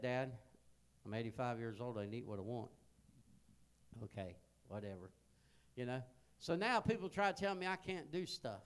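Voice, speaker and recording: A man, preaching a sermon as a folksy storyteller who grows loud and excited. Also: medium pitch. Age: 60s.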